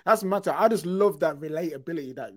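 Excitable man hosting a podcast. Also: a little high, no room sound. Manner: excitable, quick bursts, talks to viewers. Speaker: podcast host. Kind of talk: casual faith podcast chat.

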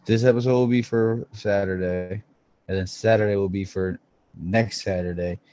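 A man's voice: fairly low pitch, steady tone, moderate pace, warm tone, dull audio. A man co-hosting a podcast in casual chat, swearing freely and calling his friend "bro". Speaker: podcast co-host.

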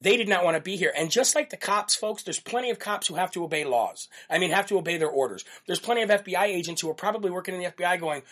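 A male host delivering a live-streamed monologue with fairly high pitch. He tells his story in an animated way and keeps repeating key phrases for emphasis. The delivery is brash and conversational. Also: brisk. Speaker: political talk show host.

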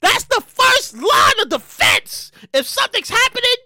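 High, lively woman ranting as host. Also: a little slow, dry recording, studio quality. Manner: animated, profane, bursts into shouting. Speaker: show host. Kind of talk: solo comedic rant.

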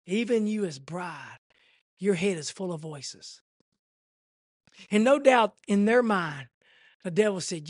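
A man preaching a sermon in an impassioned, repetitive way that swells toward near shouting. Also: high-pitched, lively intonation, a little slow, long pauses, dry recording, studio quality.

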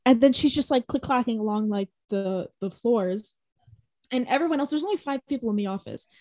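A woman's voice: on the high side, fairly quick, no echo. A young woman co-hosting a podcast, telling stories in casual chat with lots of swearing and "like". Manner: animated storytelling, swears, heavy use of "like". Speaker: podcast co-host.

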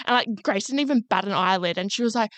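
A woman's voice: medium pitch, fast, a bit bright, no echo. A young woman, co-hosting a casual podcast, rambling and swearing with plenty of "like" fillers. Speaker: podcast co-host. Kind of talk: casual chat.

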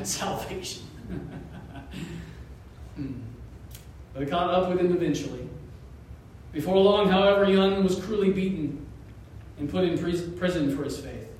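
A male pastor preaching a sermon, telling a story with animated asides, chuckles and pauses. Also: high-pitched, very echoey, distant mic, slight background noise, poor audio. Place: church sanctuary.

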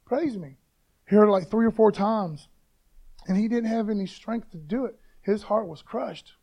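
Brief: high-voiced, gravelly man preaching casually, fired-up and conversational. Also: normal speed, a little mellow, highs cut off. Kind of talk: informal devotional talk.

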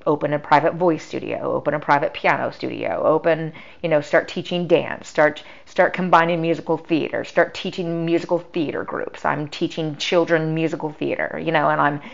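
A woman's voice: sits low, steady tone, normal speed, creaky, few pauses. A middle-aged woman, a podcast guest, telling a personal story in a chatty way, full of "like" and quoted dialogue. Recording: dull lo-fi sound.

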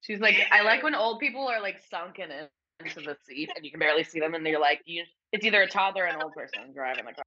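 A young woman with a bright, sharp tone and a lively, swooping pitch, joking and swearing freely in casual chat. The sound is dull and lo-fi. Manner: joking, profane, quick to do silly voices. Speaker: podcast co-host. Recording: dull lo-fi audio.

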